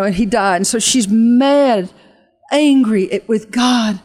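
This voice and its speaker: A woman's voice: on the high side, darkish tone. Earnest woman preaching a testimony. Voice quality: earnest, halting, with frequent restarts. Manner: fervent preaching cadence, slows for emphasis. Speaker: ministry leader and guest. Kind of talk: emotional testimony and altar call.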